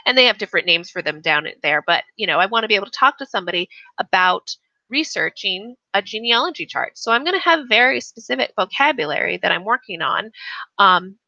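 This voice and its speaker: Woman English teacher, casual live-stream chat, bright voice, dry slightly dull mic. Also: medium pitch, dry recording. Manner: chatty, restarts often, reads chat aloud.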